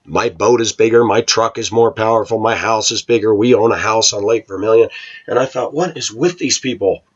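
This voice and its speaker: A man's voice: lowish voice, steady tone, brisk. A middle-aged man talking to his viewers in a rambling, opinionated monologue. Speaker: vlogger. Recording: dull lo-fi recording.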